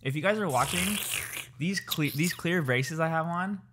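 With some background noise behind him, a twenty-something podcast co-host talks in a somewhat high voice at a moderate pace. He's relaxed and slangy in the casual chat, lisping slightly because of his new braces.

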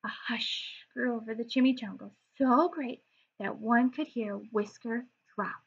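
A preschool teacher reads a storybook aloud to young children, bright and lively, and pauses to explain words along the way. Her voice sits high with a husky grain, and the recording comes through dull and lo-fi.

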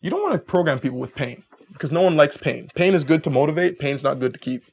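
A man's voice: on the high side, quick pace, vocal fry, slightly rough. A man giving casual dating advice, telling stories and acting out both sides of conversations. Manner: animated storyteller, acts out both sides of conversations. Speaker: dating coach.

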